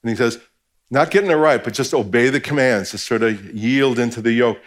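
A pastor giving a sermon in a conversational style, acting out quoted voices and swinging between hushed, low passages and raised, emphatic ones. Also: male voice, a little fast.

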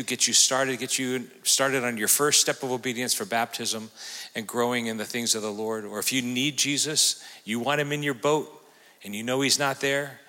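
Bright-voiced pastor closing the service. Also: male voice, medium pitch. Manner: warm, conversational with fillers. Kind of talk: closing remarks and invitation. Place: church sanctuary. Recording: long church hall reverb.

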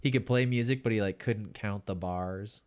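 A man hosting a podcast in casual comedic chat, laughing mid-sentence and letting his sentences trail off quietly. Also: lowish voice, moderate pace. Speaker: podcast host.

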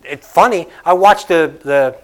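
Storytelling pastor with a lively sermon voice. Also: male voice, fairly high pitch, a little slow. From Northeastern United States. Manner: conversational storytelling preacher who laughs and repeats lines for emphasis. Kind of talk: sermon and closing prayer. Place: church sanctuary.

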